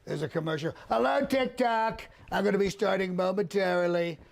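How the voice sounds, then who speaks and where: A man's voice: high-pitched, fairly quick, creaky, voice pushed up. A man doing a comedic impression of a vain, boastful older male politician who repeats himself and fusses over his staging.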